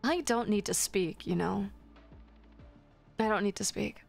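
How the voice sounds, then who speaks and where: A woman's voice: mid-range voice, measured pace, creaky, soft background music. A woman streamer chatting casually with her viewers while gaming, joking in a playful, crude and flirty way.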